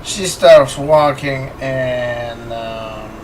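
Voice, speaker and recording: Slow-talking man running a horror game. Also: mid-range voice, a little mellow, recorded from a distance, slight background noise, low-quality recording. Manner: unhurried narration with frequent fillers. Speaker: game master. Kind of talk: narrating a tabletop horror game.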